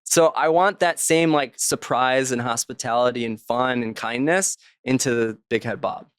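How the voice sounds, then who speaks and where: A man being interviewed about his work as an author tells anecdotes in a relaxed, conversational way. He often drops into the voices of people he quotes. His voice is smooth and resonant at a middling pitch, and the sound is dry with no room around it. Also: normal speed, dry recording. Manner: acts out quoted voices while telling anecdotes. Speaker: author and podcast guest. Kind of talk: casual interview storytelling.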